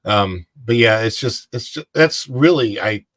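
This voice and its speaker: A man co-hosting a casual livestream chat, telling rambling anecdotes in a relaxed, talkative way. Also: medium pitch, measured pace, no room sound. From United States. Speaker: co-host.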